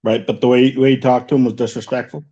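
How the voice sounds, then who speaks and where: A man on a podcast panel, giving a measured, hesitant opinion. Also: medium pitch, little pitch movement, warm tone, lo-fi sound. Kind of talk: casual chat.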